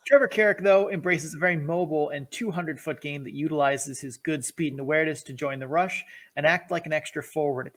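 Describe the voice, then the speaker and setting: A man co-hosting a hockey podcast, reading prepared analysis with eager enthusiasm and laughing at his own jokes. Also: fairly high pitch. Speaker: podcast co-host.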